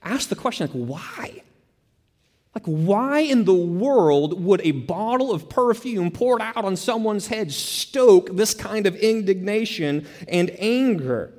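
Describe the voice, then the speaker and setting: A man preaching a sermon with emphasis, repeating key phrases and dropping to soft low tones to stress a point. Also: animated, takes it slowly, few pauses, big-room sound. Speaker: pastor.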